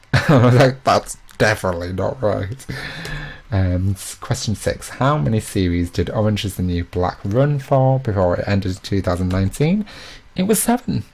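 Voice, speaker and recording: A man's voice: lowish voice, lively intonation, normal speed, vocal fry, a little mellow, slight background noise. A young man hosting a live quiz, chatty and joking, with self-mocking asides between questions. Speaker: quiz host.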